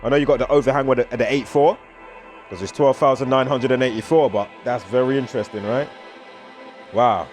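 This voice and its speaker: With a mid-range, slightly mellow voice, the British man talks fairly quickly, running through strings of numbers in his loose vlog commentary. Soft music sits underneath.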